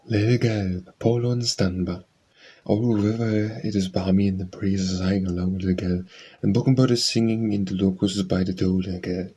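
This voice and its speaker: A man's voice: low-pitched, fairly even intonation, fairly quick, dark tone, slightly rough. A man reading poems aloud for an audiobook, reciting dialect verse in a rhythmic sing-song. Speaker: audiobook reader.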